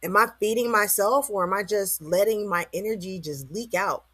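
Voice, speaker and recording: A woman's voice: mid-range voice, normal speed, fairly bright tone, dry recording. Slangy woman ranting to camera, dry sound. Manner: slangy, rambling, rhetorical questions. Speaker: vlogger. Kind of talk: casual motivational monologue.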